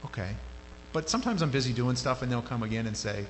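A man preaching a sermon in a loose, conversational way. His voice jumps up sharply when he gets animated. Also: medium pitch, quick pace. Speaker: pastor. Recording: hall reverb with faint hum.

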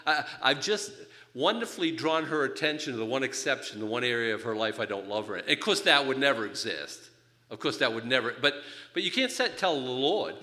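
An older man preaching a sermon, telling his own story in an animated, joking way. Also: mid-range voice, brisk. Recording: reverberant hall.

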